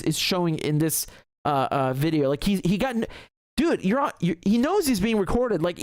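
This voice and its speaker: A fairly high-voiced man hosts a live commentary stream, reacting to a clip with emphatic indignation. His voice is recorded dry and close, with no room sound, and he swears freely as he builds his point. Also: dry recording. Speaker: political commentary host.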